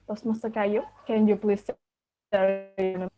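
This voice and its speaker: A woman's voice: mid-range voice, level tone, unhurried. A woman hosting an online club meeting over a video call, speaking hesitantly and often repeating words. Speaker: meeting host. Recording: dull video call audio.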